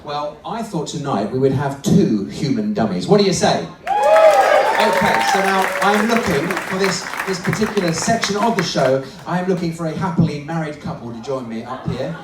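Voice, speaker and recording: A man's voice: fairly high pitch, lively intonation, normal speed, hardly any pauses, very noisy. A man ventriloquist comedian doing teasing, chatty crowd work live on stage with audience volunteers. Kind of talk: live stand-up with audience participation. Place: large cruise ship theatre stage. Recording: echoey theatre, distant mic, audience crowd.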